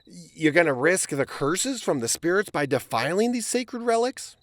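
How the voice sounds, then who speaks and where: A man's voice: sits high, sing-song, moderate pace, no room sound, voice pushed up. A man voicing an angry, scornful young farm brother in a storybook reading. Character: furious hot-headed young farm brother.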